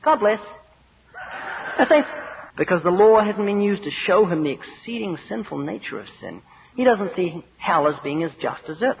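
A man preaching an evangelistic sermon, earnest and emphatic, acting out little scenes with quoted voices. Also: high voice. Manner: earnest, emphatic, acts out anecdotes. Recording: dull lo-fi recording with faint noise.

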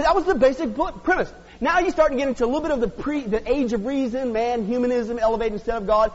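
A man pastor preaching a sermon in a joking, sarcastic way to his congregation. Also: extremely high pitch. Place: church hall. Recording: dull lo-fi audio with long hall reverb.

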